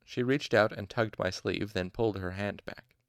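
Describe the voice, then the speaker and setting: A man's voice: fairly low pitch, moderate pace, clear, resonant tone, no room sound, studio quality. A man reading a novel aloud expressively, with occasional asides and self-corrections. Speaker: audiobook narrator.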